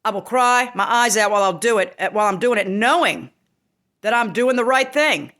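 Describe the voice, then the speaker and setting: A heated, foul-mouthed woman vents her outrage, her words landing hard, with sudden shouted bursts. Her voice sits fairly high and has a bright, forceful, cutting edge. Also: lively intonation, normal speed. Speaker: vlogger. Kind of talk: angry rant to camera.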